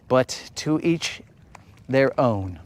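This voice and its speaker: A man's voice: medium pitch, animated, drawn-out words. A man hosting a live fishing stream from a boat outdoors, chatting to viewers in a casual, joking, slangy way. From United States. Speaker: fishing livestream host.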